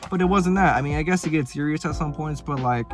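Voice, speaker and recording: A man's voice: fairly high pitch, quick pace. A young adult man ranting casually about movies, swearing a lot and using heavy slang. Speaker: film vlogger. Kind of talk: casual film ranking rant. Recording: background music under the voice.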